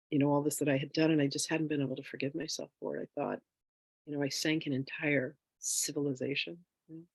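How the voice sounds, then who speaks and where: A woman telling a personal story in a casual, animated way as a spiritual wealth teacher, with lots of fillers. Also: low voice, no echo. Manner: animated, chatty, with frequent fillers; emotional, near tears.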